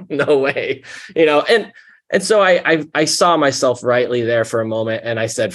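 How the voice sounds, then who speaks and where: A man telling his recovery story candidly, rambling and self-deprecating, with many fillers and restarts. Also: normal speed. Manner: animated when quoting himself, dropping low when reflective. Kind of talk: candid personal testimony.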